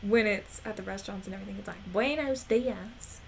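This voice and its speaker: A woman's voice: medium pitch, flat delivery, racing, creaky, fairly bright tone, a little hiss or hum. A woman streamer chatting casually while gaming, rambling and laughing often. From Texas.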